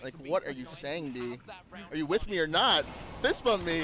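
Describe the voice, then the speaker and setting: A man's voice: on the high side, sing-song, moderate pace, pushed and bright. A young man casually co-streaming a match, joking and acting out what the players might be thinking. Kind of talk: casual livestream watch-along chat. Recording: music playing behind.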